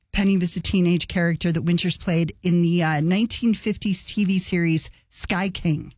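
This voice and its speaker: A woman's voice: on the low side, darkish tone, no room sound. A woman radio host narrating a scripted feature, chatty and adding light asides. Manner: conversational, adds light asides.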